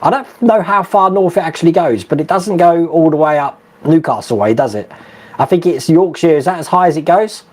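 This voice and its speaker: A man's voice: fairly high pitch, a little fast. A middle-aged man hosting a live stream, chatting casually, reading viewer comments and laughing often. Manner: chatty, laughs often, many fillers and restarts.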